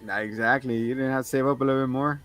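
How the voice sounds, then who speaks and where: A man co-hosting a casual movie-review chat, retelling scenes with lively, swearing banter. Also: mid-range voice, fast talker, clean tone. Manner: animated retelling of film scenes, frequent laughs and swearing. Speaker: podcast co-host.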